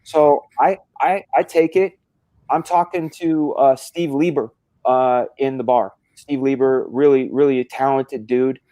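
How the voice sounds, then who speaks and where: A man's voice: mid-range voice, steady tone, measured pace, mellow, no echo. Guy hosting a stream, rambling and swearing, dry close mic, mid voice. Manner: rambling storyteller, swears freely, many restarts. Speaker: stream host. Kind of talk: casual live-stream chat.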